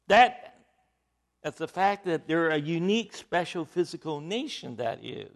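Animated, high-pitched male preacher. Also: a little slow. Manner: emphatic, animated teaching with rising bursts. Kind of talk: sermon.

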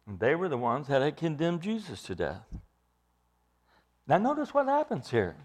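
A man's voice: fairly high pitch, huge pitch swings, moderate pace. A man preaching an expository sermon, emphatic, repeating phrases for stress and putting questions to his listeners.

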